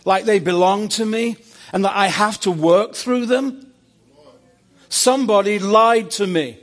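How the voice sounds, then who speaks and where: A man delivers a sermon as a personal story, speaking slowly with a fairly high voice. He tumbles into stammers and restarts as he relives the moment. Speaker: preacher.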